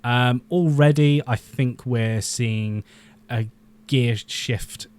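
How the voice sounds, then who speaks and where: A man hosting his own video channel, chatting casually and with strong opinions about upcoming superhero films, often pausing with "um" and restarting sentences. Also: mid-range voice, darkish tone, smooth. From Britain. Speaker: YouTube film commentator.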